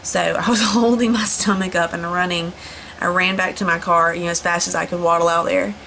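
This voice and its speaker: A woman's voice: fairly low pitch, fairly even intonation, a little fast, gravelly, bright, forceful tone, slight background noise, poor audio. A young woman chatting casually to camera, rambling with lots of fillers and restarts. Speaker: vlogger. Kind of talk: casual storytelling vlog.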